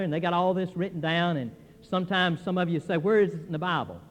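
An older male pastor preaching a folksy, animated sermon, acting out what church members tell him. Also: high-pitched, quick pace. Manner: folksy, animated preaching with quoted voices and laughs. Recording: long hall reverb.

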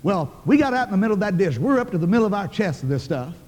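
An older man preaches in a brisk, high-pitched voice. He tells his story in a folksy, emphatic way, and his words ring out in a large, echoing hall. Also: big pitch swings, darkish tone. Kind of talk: sermon storytelling.

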